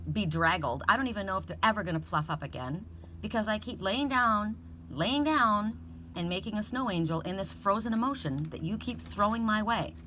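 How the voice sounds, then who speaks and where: A woman's voice: mid-range voice, noisy background, natural voice. Woman speaking as an exasperated snow angel. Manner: earnest and emphatic, repeating herself. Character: peeved female snow angel, devoted and exasperated.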